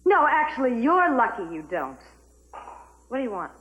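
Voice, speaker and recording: A woman's voice: high voice, very animated, moderate pace, a bit bright, rough recording. An actress playing a proud, cold woman in a 1980s TV soap, icy and cutting.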